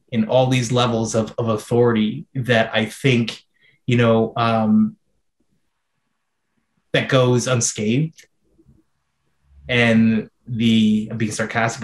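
A filmmaker answering questions in a Q&A interview, thoughtful and searching, with many fillers and restarts, heard over a video call. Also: male voice, mid-range voice, roomy sound, low-quality recording. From Canada.

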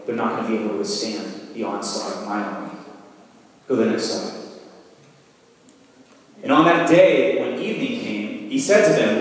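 A man giving a sermon, walking his listeners through imagined scenes with vivid storytelling. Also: mid-range voice. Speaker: preacher. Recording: roomy hall, mic from far off.

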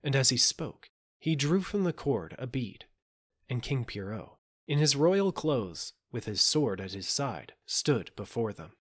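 A man narrating a fairy tale audiobook in a measured, gentle storytelling manner. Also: medium pitch, big pitch swings, breathy edge. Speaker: audiobook reader.

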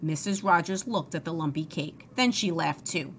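A woman reading a children's book aloud in an expressive, sing-song way. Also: lowish voice, normal speed, slight background noise. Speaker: storybook reader.

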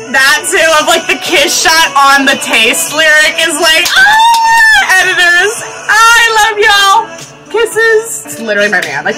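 Gushing, excitable young woman, higher voice. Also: poor audio. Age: 20s. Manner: gushing, excitable, swears a lot, breaks into shrieks and laughs. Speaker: movie reaction vlogger. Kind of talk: casual movie reaction commentary. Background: film soundtrack music.

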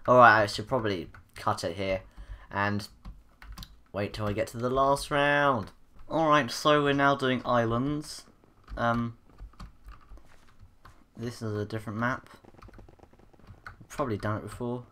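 A man's voice: mid-range voice, fairly even intonation, a little slow, long pauses, pushed and bright, slight background noise. A man giving gameplay commentary, frustrated and self-mocking as he plays. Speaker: gamer.

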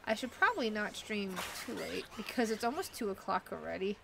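A woman's voice: medium pitch, very animated, fairly quick, creaky, noisy background. A woman streamer chatting and rambling casually as she plays a video game. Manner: rambling, chatty, thinking aloud. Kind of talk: casual chat while playing a video game.

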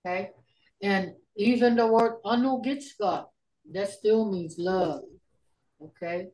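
Woman, language teacher on a video call, patient and slow, repeats words for learners. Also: medium pitch, darkish tone, poor audio. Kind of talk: online language class.

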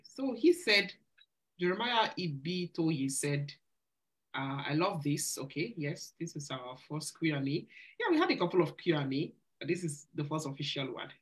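A woman's voice: fairly low pitch, fairly bright tone. A woman hosting a live church singles Q&A, giving marriage and courtship advice in an earnest, preacherly way, repeating phrases for emphasis. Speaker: church singles ministry host. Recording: live stream.

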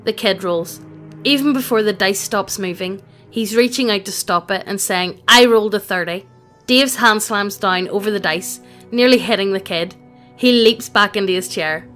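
A woman's text-to-speech voice delivers scripted narration of a tabletop gaming anecdote. The pitch sits in a middle register and the reading stays even, free of fillers. Quiet music plays faintly beneath. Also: normal speed. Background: faint background music.

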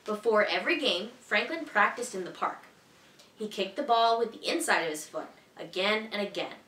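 A woman teacher reading a children's picture book aloud in a clear, expressive, evenly paced way. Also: mid-range voice, moderate pace, recorded from a distance. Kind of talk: storybook read-aloud for children. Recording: echoey room, voice a bit off-mic.

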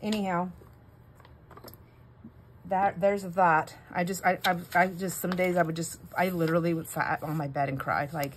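Stamping as she talks, a middle-aged crafting vlogger wanders through family anecdotes, often cutting herself off. She has a lowish voice with fairly even intonation at normal speed, and there is slight background noise.

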